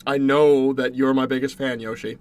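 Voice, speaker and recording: A young man from Canada streaming from a dark bedroom, chatting casually with viewers in a rambling way while working through a plate of food. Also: medium pitch, level tone, normal speed, a little hiss or hum.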